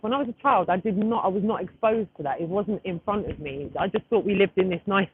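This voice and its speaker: A woman in her thirties chatting casually on a live stream, rambling and breaking off to fiddle with her phone, outdoors at a street gathering. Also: fairly low pitch. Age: 30s. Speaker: livestreamer. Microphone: phone camera. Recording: tinny phone-like audio with faint noise.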